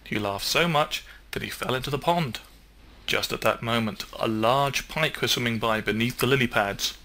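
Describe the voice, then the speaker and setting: A man narrates a children's storybook with a bright, clear voice of middle pitch. His reading is measured and easy to follow. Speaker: storybook reader. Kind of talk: children's story read-aloud.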